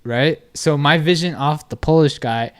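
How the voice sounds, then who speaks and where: A man telling a story on a podcast in casual chat, animated and constantly checking in with the listener. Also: on the high side, normal speed, clean tone. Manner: animated storytelling, constant "you know what I mean".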